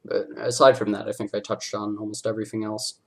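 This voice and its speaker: A man's voice: on the low side, little pitch movement, quick pace, gravelly. A man hosting a podcast, casually recapping a cartoon episode with lots of fillers, now and then jumping into character voices. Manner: rambling, filler-heavy, acts out character lines. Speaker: podcast host.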